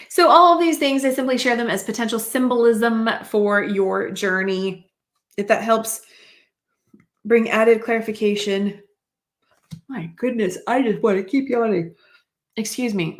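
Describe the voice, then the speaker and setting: A woman's voice: a little high, a little slow. Chatty woman giving a card reading. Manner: chatty, rambling, many fillers and asides. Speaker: card reader. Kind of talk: spiritual card reading to camera.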